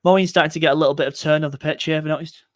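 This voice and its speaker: Fast-talking man in cricket banter. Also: a little high, fairly even intonation, dry recording, clean studio sound. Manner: quick, chatty, seeks agreement with tag questions. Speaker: cricket podcast co-host. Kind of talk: casual live watchalong chat.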